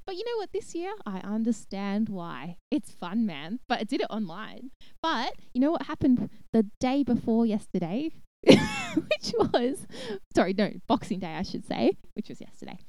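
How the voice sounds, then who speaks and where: A woman's voice: a little high, sing-song, moderate pace, mellow, dry recording. A young woman co-hosting a podcast, chatting casually with lots of giggles and "like". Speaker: podcast co-host.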